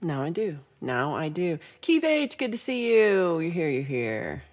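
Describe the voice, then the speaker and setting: Woman, music livestream host. Unhurried, animated, giggly banter reading chat aloud. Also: fairly low pitch. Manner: chatty, laughs often, reads chat comments aloud. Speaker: livestream singer-songwriter host. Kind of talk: casual livestream chat between songs. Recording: faint guitar music behind.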